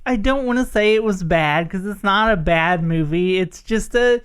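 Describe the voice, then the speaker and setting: A woman's voice: mid-range voice, normal speed, clean tone. A woman co-hosting a pop culture podcast, chatting in an enthusiastic, rambling way. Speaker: podcast co-host. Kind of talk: casual chat.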